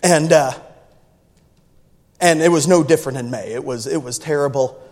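Animated preacher man in a big hall. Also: moderate pace. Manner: animated storytelling, laughs often, swings from low grumbling to loud shouts. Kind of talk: sermon story. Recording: reverberant hall.

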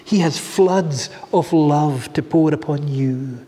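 A man's voice: fairly high pitch, slow, mellow, big-room sound, slight background noise. A man preaching a sermon in a church, earnest and repetitive, stacking phrase upon phrase. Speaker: pastor.

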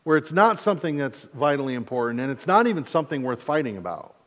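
A mid-Michigan pastor in his forties preaches quickly in a sing-song, slightly bright voice of medium pitch, his words filling a large hall. His style is relaxed and funny, full of self-mockery and acted-out quotations.

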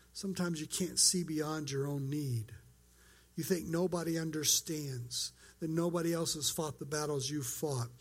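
A man preaching a sermon as pastor, earnest and conversational, acting out quoted lines. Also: on the high side.

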